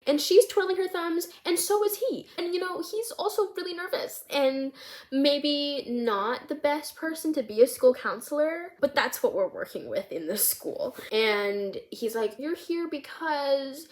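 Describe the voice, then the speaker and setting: A woman's voice: high-pitched, measured pace. A young woman vlogger, bubbly and giggly, casually talking through her movie script with lots of fillers. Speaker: vlogger and screenwriter.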